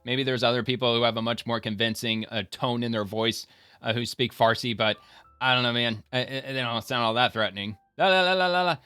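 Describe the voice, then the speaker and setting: A man's voice: medium pitch, little pitch movement, fairly quick, pushed and bright, smooth, dry recording. A man giving casual, rambling reaction commentary, talking loosely with lots of fillers and restarts. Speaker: online commentator.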